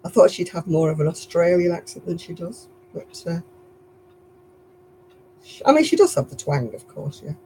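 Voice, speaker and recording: A woman's voice: fairly low pitch, big pitch swings, moderate pace, long pauses, mellow, slight background noise, low-quality recording. A woman with a Lancashire accent hosting a casual live stream while she crochets, chatty and rambling, chuckling at herself. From Lancashire, England.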